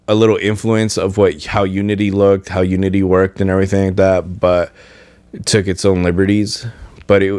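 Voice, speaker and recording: Rambling man with a low voice. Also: a little mellow, no room sound. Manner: rambling, many fillers and restarts. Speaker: podcast host. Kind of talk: casual chat.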